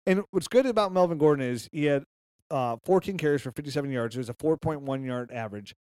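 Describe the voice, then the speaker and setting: A man co-hosting a podcast, chatting about football in a lively, joking, excitable way. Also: on the high side, fast, clean tone, no room sound, studio quality. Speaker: podcast co-host. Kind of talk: casual sports chat.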